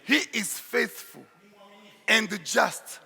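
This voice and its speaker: A man's voice: high-pitched, animated, drawn-out words, gravelly, sharp tone, breathy edge. A man preaching a sermon as pastor, emphatic and declaiming, in an echoey church. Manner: emphatic preaching, shifts into Swahili asides.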